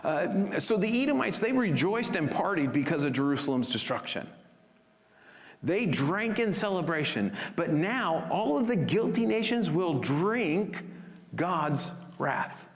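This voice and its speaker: A man preaching a sermon as pastor, expressive and sometimes dropping to a hush for emphasis. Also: a little high, a little slow, long reverb tail.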